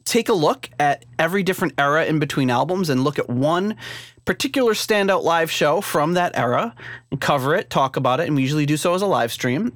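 A man's voice: a little high, dry recording, clean studio sound. A man hosting a casual podcast live stream, rambling with lots of fillers and laughing easily, recorded at home. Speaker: podcast host. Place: home room with a CD rack.

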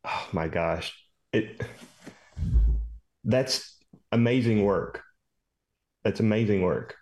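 A man's voice: lowish voice, slow pace, a little mellow. A man guest on a music podcast, speaking admiringly and thoughtfully, a bit distant from the mic. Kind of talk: casual music podcast chat.

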